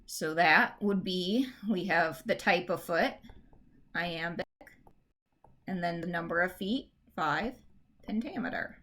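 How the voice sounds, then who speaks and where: A woman teacher talks through a recorded lesson on poetic meter at an unhurried, measured pace. She explains patiently with the odd filler. When she reads verse aloud, she draws out the stressed beats. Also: lowish voice, a bit bright, a little hiss or hum. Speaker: English teacher.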